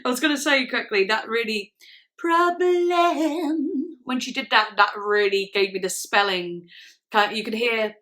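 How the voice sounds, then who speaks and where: A bright-voiced young woman talks in a chatty, excited way, reacting to songs and sometimes singing along to them. Her voice sits a little high. Music plays faintly behind her. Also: a little slow. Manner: chatty and enthusiastic, sings along to snippets. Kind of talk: casual reaction chat. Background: song playing in the background.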